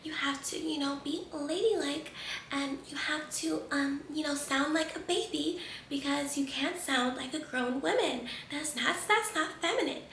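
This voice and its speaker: A woman mimicking a prim, overly soft-spoken woman who talks in exaggerated sugary baby talk. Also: sits high, a little slow, roomy sound, a little hiss or hum, voice pushed up. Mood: mocking, sugary.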